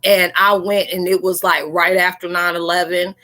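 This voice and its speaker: A woman's voice: on the low side, flat delivery, normal speed, sharp tone. A woman hosting a live chat, joking around playfully and talking straight to her viewers in slangy, casual speech.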